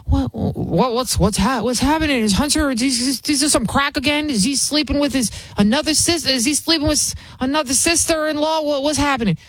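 A woman's voice: high-pitched, brisk, hardly any pauses, no echo, pitched above the performer's own voice, close to an everyday voice. A woman voicing a mocking impression of a confused, stammering elderly male ex-president. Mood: panicked. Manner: frantic, stammering questions.

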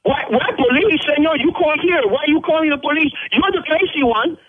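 A man's voice: very high voice, a little fast. A man with a Spanish accent on a phone call as a restaurant worker, slipping into Spanish, impatient and blustering. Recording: phone line.

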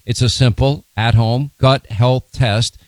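Brisk male ad reader. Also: mid-range voice, fairly even intonation, no room sound. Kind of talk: sponsor ad read.

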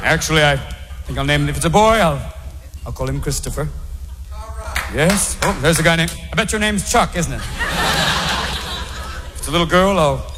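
A man doing stand-up comedy with quick, jokey riffing. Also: fairly high pitch. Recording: live stand-up with crowd and noise.

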